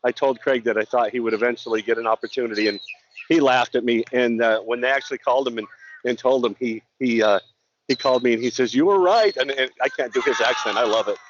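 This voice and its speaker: A man's voice: medium pitch, fairly even intonation, fast. A middle-aged man calling in as a guest, a law enforcement officer from Montana, chatting casually in an earnest way and often repeating his words. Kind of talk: casual chat. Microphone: remote call-in. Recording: slightly dull call audio with faint noise.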